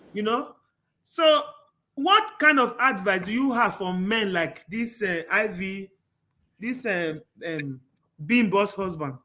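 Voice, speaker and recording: A man with a high voice hosts a casual discussion show. His tone is bright and forceful, and he tells stories earnestly, often stopping and restarting his sentences. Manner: earnest, rambling storyteller with many restarts. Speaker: talk show host.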